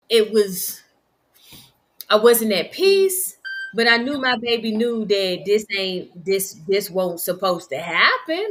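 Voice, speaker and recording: A middle-aged woman, telling the story of losing her son in slow, halting, emotional speech. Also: fairly high pitch, fairly bright tone. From Virginia. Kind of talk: personal testimony.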